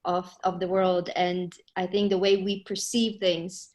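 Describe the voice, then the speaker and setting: A woman panelist giving closing remarks in an academic discussion, measured and even. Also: on the low side.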